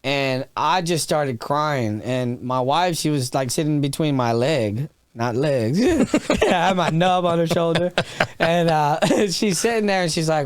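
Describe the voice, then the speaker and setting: Smooth-voiced man telling a raw story. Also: fairly high pitch, animated, measured pace, no echo, studio quality. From Texas. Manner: raw and emotional, swears freely, frequent restarts. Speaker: podcast guest, comedian. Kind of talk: candid storytelling interview.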